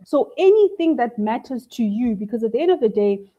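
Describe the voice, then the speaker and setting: A woman's voice: fairly high pitch, lively intonation, a little fast, dark tone, muffled recording. A woman on a panel, explaining things conversationally with lots of everyday questions. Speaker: panel speaker.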